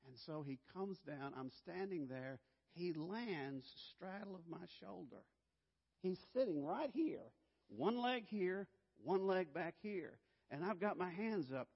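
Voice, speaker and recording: A man telling a personal story to an audience, dramatic and swinging from loud to hushed. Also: high voice, lively intonation, a little slow. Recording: dull, echoey hall recording.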